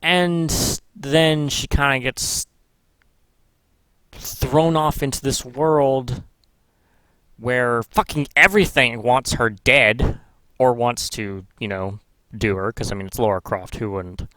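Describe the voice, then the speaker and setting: Slow-talking rambling male vlogger. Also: medium pitch, pushed and bright, dry recording. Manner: rambling, profane, self-correcting. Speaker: gaming vlogger. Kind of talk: casual commentary.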